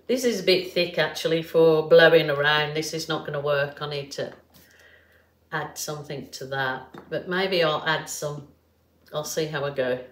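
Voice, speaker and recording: A woman's voice: low-pitched, steady tone, normal speed, reverberant. A middle-aged woman from England with a Birmingham accent, talking viewers through a painting tutorial in a chatty, rambling way with plenty of fillers. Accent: Birmingham English. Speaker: art tutorial host.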